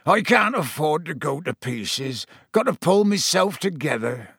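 A man voicing a huge, soft-hearted male gamekeeper who talks in a broad rustic dialect. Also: fairly high pitch, big pitch swings, measured pace, husky, no room sound, studio quality, exaggerated voice. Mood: gloomy.

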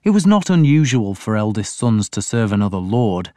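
A man reading a first-person story as an audiobook narrator in a measured storytelling manner. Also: lowish voice, big pitch swings, warm tone, dry recording, studio quality.

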